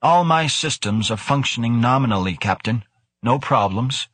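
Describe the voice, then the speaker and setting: A self-satisfied male officer, read by a man whose husky voice is set a little higher and carries a lofty air. His report comes out smug and assured. The reading is dry. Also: animated, normal speed, fairly bright tone, no echo. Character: haughty male life-support officer.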